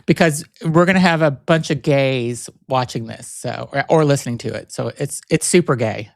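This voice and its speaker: A man's voice: medium pitch, moderate pace, creaky, no echo. A man hosting a podcast in a casual, rambling and playful way. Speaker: podcast host.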